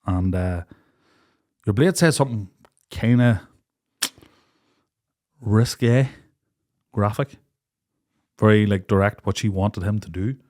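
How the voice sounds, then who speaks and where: Swearing Irish man telling a story. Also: lowish voice. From Ireland. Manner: animated, laughing, swears freely, acts out quotes. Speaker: podcast co-host. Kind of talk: casual storytelling chat.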